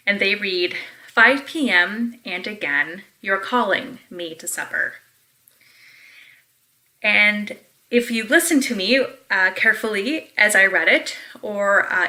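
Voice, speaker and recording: A woman teaches a recorded literature lesson at a middle pitch. Her voice is bright and carries well. She explains patiently and fills her pauses with ums and uhs. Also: poor audio. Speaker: college English instructor. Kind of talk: recorded lecture.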